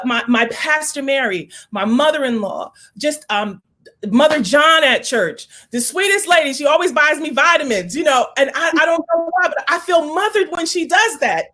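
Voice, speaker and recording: A woman's voice: high-pitched, fairly bright tone. A woman hosting a heartfelt conversation, speaking earnestly and with emotion, slipping into prayerful pleading. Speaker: host.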